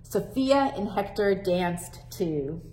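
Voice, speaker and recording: A children's librarian reading a storybook aloud to young listeners. Her telling is warm and expressive, with lively rises and falls. She reads slowly and carefully. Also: mid-range voice.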